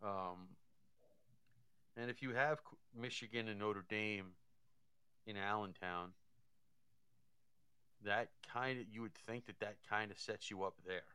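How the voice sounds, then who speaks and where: Smooth-voiced man rambling through hockey talk. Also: lowish voice, a little slow, pauses often, sharp tone, no room sound. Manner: thinks aloud, repeats words. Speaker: hockey analyst. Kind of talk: casual sports talk.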